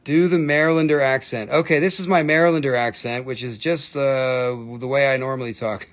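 A man's voice: mid-range voice, normal speed. A man chatting through a live sales stream of crystals, playful and joking, slipping into put-on broken-English voices.

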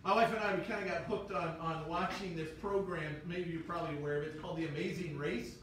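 A man with a Midwestern American accent preaches in a loose, conversational way, often checking in with his listeners. His voice sits high and sounds bright and forceful. He is picked up from a distance in a very echoey church. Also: fairly even intonation, fast, slight background noise. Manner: conversational, frequent "right?" check-ins. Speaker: pastor. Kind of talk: sermon. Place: church sanctuary.

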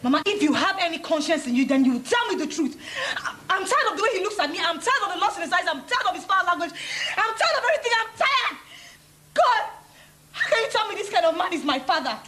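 A woman's voice: extremely high pitch, big pitch swings, fast talker, bright, forceful tone, exaggerated voice. A woman playing a distressed young woman who pleads and accuses her mother. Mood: upset. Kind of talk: film drama acting.

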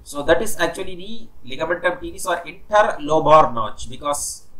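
A man's voice: on the high side, a bit bright, poor audio. A man lecturing on anatomy in a recorded class. He explains step by step, repeats key terms and often stops to say "okay".

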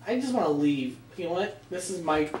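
A man's voice: on the high side, lively intonation, brisk, darkish tone, far from the mic, close to an everyday voice. A young man dubbing a movie scene as a panicky, easily scared guy lost in the woods, talking in a whiny, shrieky way. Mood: annoyed. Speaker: amateur fan dubber. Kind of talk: goofy amateur movie dub. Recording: echoey room recording.

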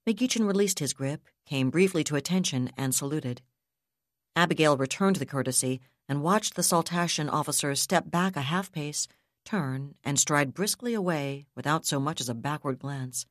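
A woman reading an audiobook as narrator in a steady, even way. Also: low voice, moderate pace, no room sound, clean studio sound. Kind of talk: scripted narration.

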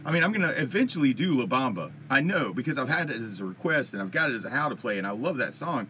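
A man's voice: medium pitch, very animated, quick pace, pushed and bright, slight background noise. An American man hosting a casual live-stream Q&A as a guitar teacher, talking in a rambling, chatty way and laughing often. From United States. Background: faint guitar strumming.

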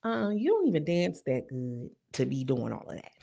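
Gravelly low-voiced woman recapping TV. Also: normal speed. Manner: animated, slangy, acts out quotes. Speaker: reality TV reviewer. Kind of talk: casual recap commentary.

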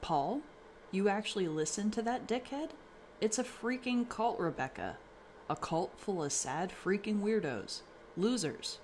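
A man's voice: on the high side, moderate pace, pauses often, slight background noise, close to an everyday voice. A man reading an angry, protective father. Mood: furious. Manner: shouting, furious, then gentle.

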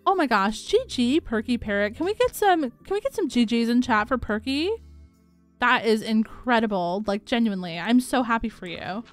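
Bubbly young woman streamer, slightly high. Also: moderate pace. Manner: upbeat, giggly, excitable, greets viewers. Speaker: livestream host. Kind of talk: casual chat while gaming, reading chat. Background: faint background music.

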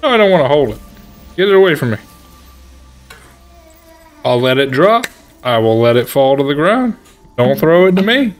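A man giving casual, excitable, joking commentary while playing a video game. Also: on the high side, moderate pace, long pauses, soft background music. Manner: excitable, trash-talking, jokey. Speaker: gaming streamer.

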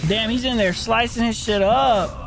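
A young man giving profane, excitable commentary while playing a video game, with game music behind him. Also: very high voice, moderate pace, creaky. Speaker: gaming streamer. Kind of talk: let's play commentary.

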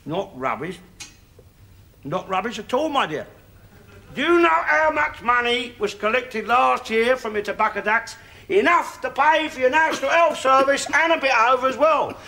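A ranting old grump. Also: male voice, extremely high pitch, animated, normal speed, vocal fry, full character voice. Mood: blustering. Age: older. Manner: blustering, shouting, swearing. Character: ranting cantankerous old working-class London man. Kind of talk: studio sitcom acting. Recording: studio audience laughter and noise. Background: audience laughter.

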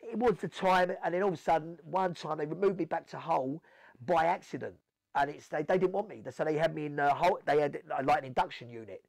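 A man with a South London accent, telling stories in an animated way as an interview guest, acting out what people said. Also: on the high side, fairly quick, creaky, dry recording. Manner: animated storytelling, acts out quotes, swears. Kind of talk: storytelling interview.

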